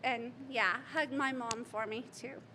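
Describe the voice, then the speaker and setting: Tearful high-voiced mother giving a eulogy. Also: fairly even intonation, measured pace, pushed and bright, a little hiss or hum. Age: middle-aged. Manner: emotional, laughing through tears, rambling anecdotes. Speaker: eulogy speaker, friend's mother. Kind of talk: memorial speech. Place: memorial gathering hall.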